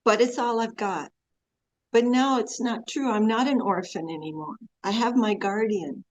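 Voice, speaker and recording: A woman's voice: a little high, normal speed. A woman spiritual teacher giving an earnest devotional class talk over a video call, telling stories and quoting prayers. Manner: earnest, storytelling with many quoted prayers. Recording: dull lo-fi video call audio.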